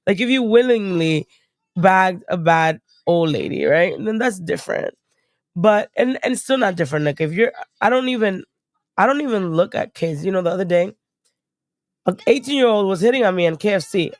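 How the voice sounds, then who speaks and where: A woman's voice: mid-range voice, moderate pace, no room sound. A young woman chatting casually as a stream guest, blunt and profane, still getting over a cold. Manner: blunt, profane, animated storytelling. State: recovering from a cold. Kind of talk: casual chat.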